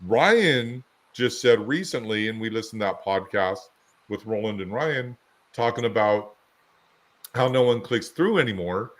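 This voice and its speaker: Man, lowish voice, podcast co-host, rambling storyteller, casual chat. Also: expressive, measured pace. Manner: rambling storyteller, chatty anecdotes.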